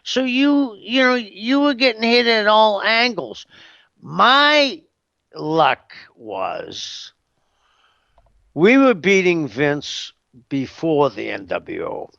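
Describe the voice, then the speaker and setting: A man's voice: high voice, very animated, takes it slowly, gravelly, pushed and bright, dry recording, highs cut off. A man giving a casual interview as a guest, rambling and hesitant, with lots of "you know what I mean.".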